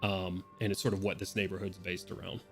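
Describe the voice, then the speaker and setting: A man's voice: low-pitched, flat delivery, brisk, fairly bright tone, faint music behind. A man running a tabletop roleplaying game as dungeon master, narrating in a casual, rambling way with swearing.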